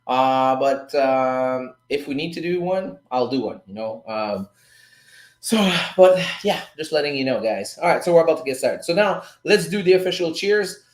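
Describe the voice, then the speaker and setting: At normal speed, an expressive man with a mid-range voice runs a laid-back forex trading stream in a roomy-sounding space. Loose and chatty, he walks through trades, swears here and there and addresses his audience as "guys" and "dude."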